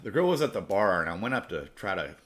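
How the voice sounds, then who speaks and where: A man's voice: low-pitched, sing-song, quick pace, fairly bright tone. A man telling a rambling, profane personal story as host of his podcast. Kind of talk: casual storytelling.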